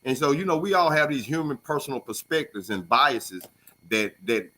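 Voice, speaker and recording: A man co-hosting a radio talk show, telling stories in a casual, animated way. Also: medium pitch, normal speed. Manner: animated storyteller, acts out voices. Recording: call-in radio show studio.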